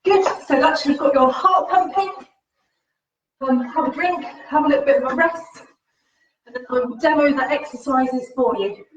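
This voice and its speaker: A woman's voice: sits high, normal speed. A woman fitness instructor leading a live-streamed home workout, upbeat and encouraging, slightly out of breath as she exercises while talking. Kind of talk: live-streamed workout class with faith reflection. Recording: roomy, distant, dull livestream audio.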